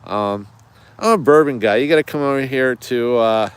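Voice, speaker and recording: Guy rambling on a livestream out in the woods, really clear voice, dry sound. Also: medium pitch, moderate pace, no echo. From United States. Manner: chatty, digressive, many fillers, greets viewers. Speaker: outdoors channel host. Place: outdoors in woods.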